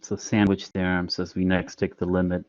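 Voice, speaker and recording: A man's voice: sits low, completely flat delivery, moderate pace, darkish tone, no echo, lo-fi sound. A man explaining a math lesson in an online class, patient and step by step with frequent fillers. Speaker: math instructor. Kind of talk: online lecture.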